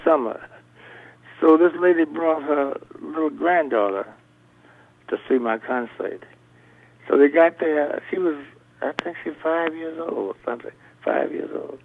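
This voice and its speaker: An older man chats about music over a phone-thin line, his voice gravelly. He tells stories in loose, restarting sentences. The sound is tinny and narrow, as on a call-in. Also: fairly high pitch, lively intonation, a little slow, pauses often. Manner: rambling storyteller, restarts often. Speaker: blues musician guest. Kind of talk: radio interview conversation.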